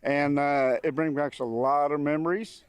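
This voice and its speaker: A man's voice: on the high side, steady tone, normal speed, smooth, no echo. A man interviewed outdoors, cheerful and emphatic. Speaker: torch bearer. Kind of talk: interview answers. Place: outdoor street.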